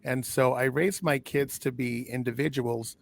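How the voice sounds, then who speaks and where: A man's voice: mid-range voice, steady tone, a little slow, vocal fry. A middle-aged man hosting an interview, chatty and effusive, often repeating his praise. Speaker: interview host. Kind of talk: casual interview talk.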